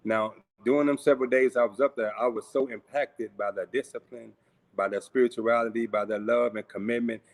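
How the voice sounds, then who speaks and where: Speaking a little fast in a steady, medium-pitched voice, a guest storyteller from St. Louis, USA recounts something that happened to him. It's conversational and full of fillers, and he performs the voices of the people he quotes.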